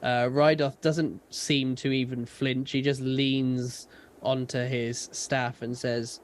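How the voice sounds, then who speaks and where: A British man narrating an improvised tabletop game as game master, in a slow, relaxed way. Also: medium pitch, slight background noise.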